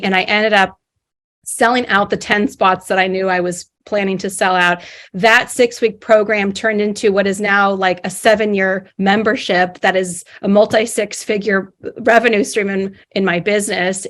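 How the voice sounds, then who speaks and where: Woman guest, mid-range pitch, lively casual storyteller who acts out inner dialogue. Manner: animated, acts out her inner voices. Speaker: podcast guest.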